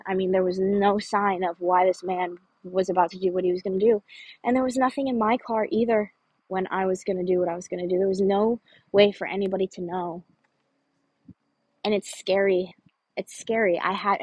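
A woman's voice: mid-range voice, steady tone, brisk, darkish tone, breathy edge, no echo, poor audio. A woman telling a true personal story in an earnest, conversational way, often saying "like". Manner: earnest, conversational, frequent "like" fillers.

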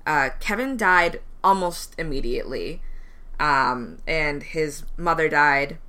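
A young woman on a chatty true crime podcast. Her voice sits low but rings bright, and she narrates in a loose, casual way. She fills her pauses with ums. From West Indian family, immigrant parents. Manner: relaxed storytelling with frequent ums, laughs between lines. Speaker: podcast co-host telling a true crime case.

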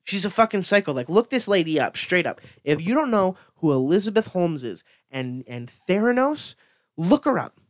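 A man's voice: high-pitched, normal speed, no echo, clean studio sound. A young man ranting casually, full of fillers and swearing. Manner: profane, filler-heavy, excitable storytelling. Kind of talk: casual rant.

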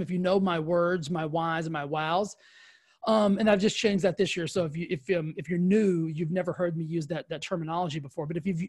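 High-voiced, energetic male motivational coach. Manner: energetic, emphatic, repetitive. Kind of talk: motivational talk to camera. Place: indoors, filmed for video.

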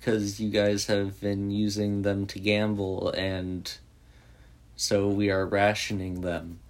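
A man putting on a smug female head nurse, curt and condescending. The delivery is slow and low, with little change from the speaker's own voice. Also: completely flat delivery.

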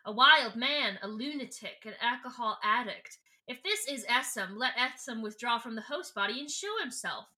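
A proud female alien commander, as a woman puts her on, speaking in stiff, formal sentences. Her voice is bright and slightly high. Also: moderate pace, hardly any pauses. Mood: haughty. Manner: haughty, formal speech.

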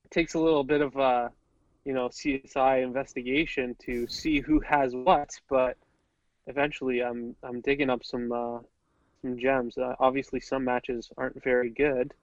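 A man's voice: medium pitch, level tone, moderate pace, no room sound, dull audio. A man, a guest on a podcast, chatting earnestly with many fillers. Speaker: podcast guest, pro wrestler. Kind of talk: casual podcast chat.

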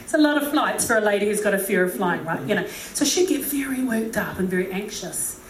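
A woman's voice: medium pitch, animated, a little fast, a little hiss or hum. A woman preaching a humorous sermon, chatty and joking with many asides, recorded from a distant mic in an echoey hall.

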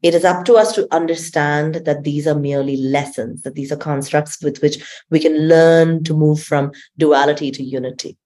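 A woman speaking as a guest transformation coach in a spiritual conversation, expressive and often laughing as she tells stories. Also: deep voice, normal speed, hardly any pauses. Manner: expressive storyteller, laughs often and acts out quotes.

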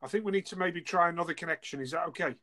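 Upbeat host, high voice. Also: male voice, rapid-fire, sharp tone. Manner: upbeat, eggs others on. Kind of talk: casual chat.

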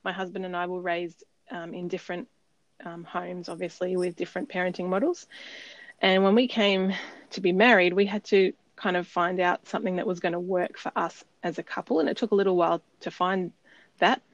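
A woman's voice: fairly low pitch, fairly even intonation, a little fast, no echo. A woman co-hosting a podcast, telling a personal story in an earnest, reflective way with frequent ums. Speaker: podcast co-host. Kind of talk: casual storytelling chat. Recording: slightly dull dry recording.

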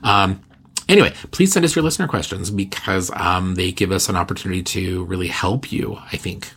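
A man's voice: low voice, fairly quick, fairly bright tone, husky. A man hosting a podcast, chatting casually and rambling through announcements with lots of fillers. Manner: rambling, filler-heavy, self-mocking. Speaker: podcast host.

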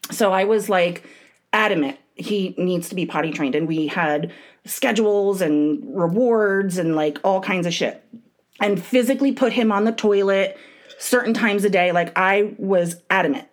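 A woman in her thirties co-hosting a casual podcast. She tells stories in a blunt, profane, animated way, with her voice jumping up in loud bursts. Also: mid-range voice. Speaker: podcast co-host. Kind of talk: casual chat.

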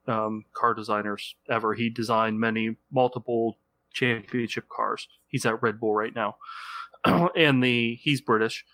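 A man's voice: medium pitch, bright, forceful tone, dry recording. A man in his thirties, co-hosting a podcast, chatting casually and rambling a little with restarts. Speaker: podcast co-host. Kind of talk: casual chat.

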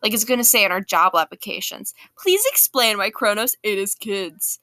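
A woman's voice: medium pitch, normal speed, pushed and bright, no room sound, close to an everyday voice. A woman voicing a snide teenage schoolgirl who mocks in a sarcastic drawl during a novel reading. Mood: mocking.

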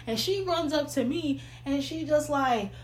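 Animated New woman telling stories. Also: sits high, measured pace. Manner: animated, slangy, laughs often. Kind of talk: casual storytelling chat.

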